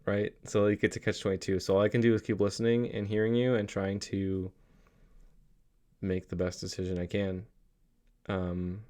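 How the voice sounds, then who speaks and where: A man's voice: low-pitched, a little mellow. A young adult man talking to his kids in a casual, reflective vlog, rambling earnestly with many fillers and restarts. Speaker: father vlogging a daily reflection.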